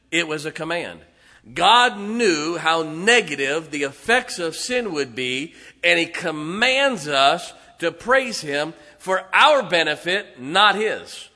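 Emphatic preacher in a hall. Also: male voice, a little high, sharp tone. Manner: emphatic preaching, breaks into slow singing. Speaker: pastor. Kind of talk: sermon. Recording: reverberant church hall.

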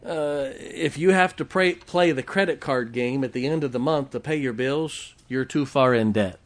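A man's voice: mid-range voice, moderate pace. A middle-aged man preaching a folksy sermon, often asking the congregation questions. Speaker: pastor.

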